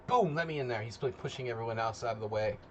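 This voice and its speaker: A man's voice: medium pitch, fast talker, a little hiss or hum. A man hosting a live chess simul stream, chatting casually and rambling to his chat. He is a bit tired after a nap. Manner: rambling, loose and chatty, talking to chat while setting up.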